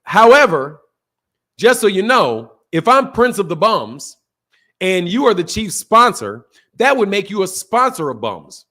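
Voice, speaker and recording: A boxing channel host with a high, sing-song, sharp voice speaks unhurriedly on a live-streamed talk show. He reads super chats, fires back at trolls, and often repeats himself.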